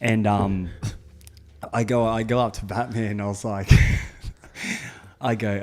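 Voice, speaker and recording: A man's voice: fairly low pitch, little pitch movement, slow, a little mellow. Laughing man telling a story. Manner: swears freely, laughs through his stories. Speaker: podcast co-host. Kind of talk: casual chat, storytelling.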